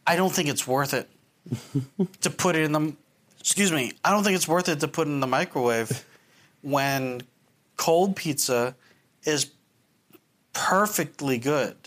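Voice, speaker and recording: A man's voice: fairly high pitch, a little slow, long pauses, fairly bright tone. A man in casual conversation who stumbles and repeats words, then argues playfully over how words are said. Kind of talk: casual banter.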